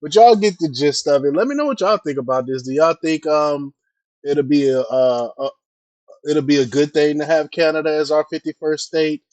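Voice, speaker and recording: A man's voice: fairly high pitch, normal speed, darkish tone, no echo. A man hosting a casual political news commentary, talking hesitantly with fillers and chatty asides to his viewers.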